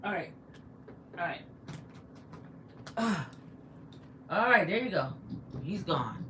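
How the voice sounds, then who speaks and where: Taking it slowly in a fairly low voice, a woman streams casually from her house amid slight background noise. She's chatty and animated, reading viewer comments aloud and replying to the audience and her pet.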